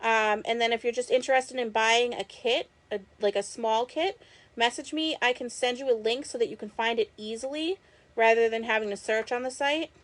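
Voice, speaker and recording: A woman with a Boston accent and a slightly high voice hosts a live craft stream. She chats eagerly and casually with her viewers as she works with her hands. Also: normal speed. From Massachusetts. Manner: chatty and enthusiastic, talks to viewers while working. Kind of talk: live craft demo chat.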